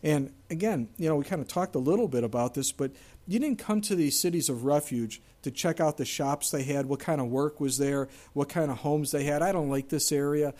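A man preaching a sermon in an emphatic way, firing rhetorical questions and moving between loud outbursts and hushed asides. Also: fairly high pitch, fairly quick. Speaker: pastor.

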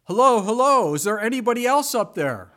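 A desperate man stuck on a cliff branch calls out in high, strained shouts, as a preacher acts him out. His voice jumps well above a normal speaking pitch and pushes loud. He sounds panicked and pleading. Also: moderate pace, lightly acted. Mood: frantic pleading.

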